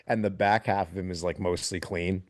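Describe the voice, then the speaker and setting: Deep-voiced man telling a war story. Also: moderate pace. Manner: animated, laughs through his story. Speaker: military veteran guest. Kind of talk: casual storytelling on a podcast.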